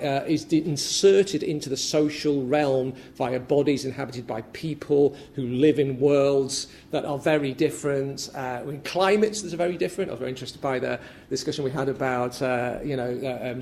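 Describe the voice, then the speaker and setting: Halting male academic lecturer. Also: medium pitch, darkish tone, a little hiss or hum. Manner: hesitant, many fillers and restarts. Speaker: academic speaker. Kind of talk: conference paper talk. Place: lecture room at a symposium.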